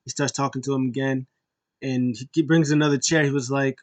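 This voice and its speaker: A man casually recapping a wrestling show, rambling with many fillers and restarts, getting animated when he retells what was said. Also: mid-range voice, a little fast.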